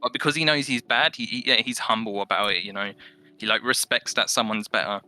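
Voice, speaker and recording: A man's voice: mid-range voice, brisk. A man talking in a casual gaming podcast chat, rambling with lots of fillers. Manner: rambling, filler-heavy, animated impressions of others. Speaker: podcast guest.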